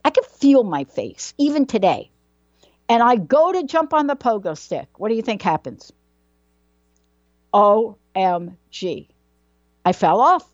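A woman's voice: a little high, very animated, measured pace, pauses often, no room sound, lo-fi sound. A woman telling a personal childhood story in a dramatic way, building suspense with questions and repetition.

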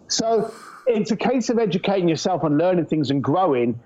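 A middle-aged man from England, a guest entrepreneur telling anecdotes in an animated, storytelling way. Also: sits high, normal speed. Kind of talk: casual storytelling interview. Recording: muffled lo-fi audio.

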